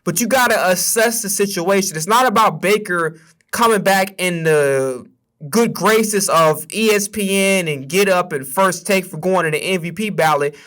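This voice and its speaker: On his livestream, a young sports podcaster and streamer vents hotly and casually, cursing a lot. His voice sits high with a fairly bright tone, and he talks at a normal speed.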